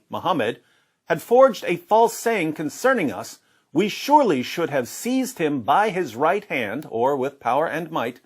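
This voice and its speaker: A man in a played clip, reading scripture translations aloud with pointed emphasis in a debate style. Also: a little high. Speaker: speaker in a quoted video clip.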